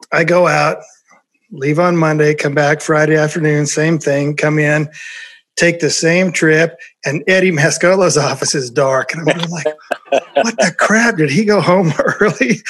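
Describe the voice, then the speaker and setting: This is a man with a slightly high-pitched voice who spins a long anecdote from his years promoting records. He tells it in a casual, animated way and laughs often along the way. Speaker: former record label promoter. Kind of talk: storytelling in casual conversation.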